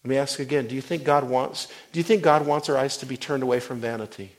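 A man preaching a sermon as pastor. He moves from quiet storytelling to loud, fervent preaching, often breaking off and restarting a phrase. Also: mid-range voice, steady tone, quick pace.

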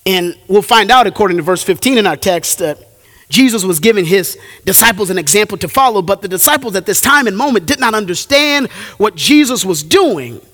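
A male pastor preaching a sermon, with animated delivery and drawn-out emphatic phrases. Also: high voice, in a large hall.

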